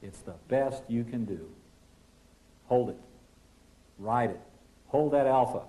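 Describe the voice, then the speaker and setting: A man lecturing pilots as a flight instructor, emphatic, asking rhetorical questions and dropping his voice low for key points. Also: takes it slowly, warm tone. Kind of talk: classroom lecture.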